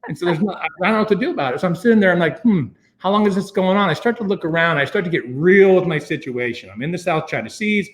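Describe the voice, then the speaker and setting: An American man casually telling a long story, acting out his own thoughts in a rambling, animated way. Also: very fast, few pauses. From United States. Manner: animated, acts out his own past thoughts with sudden jumps in pitch; rambling, with many fillers and restarts.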